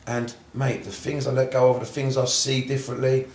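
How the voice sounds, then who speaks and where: A blunt Cockney man who swears constantly, a therapist recounting his path in a relaxed interview. He talks at a quick clip, words tumbling out. The recording carries a roomy echo. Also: medium pitch. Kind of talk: casual interview storytelling.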